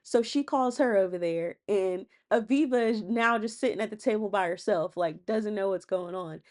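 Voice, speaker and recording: A woman casually retelling a reality show episode, chatty and quick, leaning on "and she was like" quotes. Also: medium pitch, darkish tone. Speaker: recap host. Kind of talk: casual reality TV recap narration.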